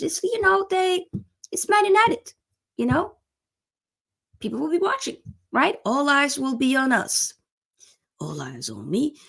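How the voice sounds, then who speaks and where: A young woman hosting a casual live football stream, chatty and animated, greeting viewers by name. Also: mid-range voice.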